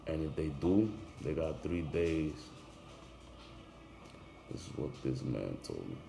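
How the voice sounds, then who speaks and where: A deep-voiced barber tells an intense personal story slowly, his voice creaky with big pitch swings. The casual monologue is emphatic and drifts in loudness, recorded in an echoey, noisy room.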